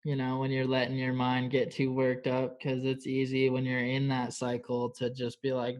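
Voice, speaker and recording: A man hosting an interview podcast and asking questions in a relaxed, casual way, with plenty of "like" and "totally". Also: medium pitch, normal speed. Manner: laid-back, filler-heavy talk with lots of "like" and "totally". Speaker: podcast host.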